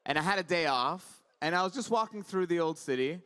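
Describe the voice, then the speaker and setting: A man doing animated stand-up comedy on a conference stage, telling stories with voiced asides. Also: on the high side, a little fast, smooth. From Iran. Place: conference stage before a live audience.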